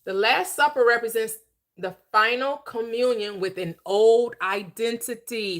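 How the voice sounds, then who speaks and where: A woman hosting a livestreamed Bible teaching, preaching in an emphatic, conversational way, slowing down to stress key phrases and chatting with viewers in between. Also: fairly high pitch. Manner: chatty asides to viewers, quick laughs.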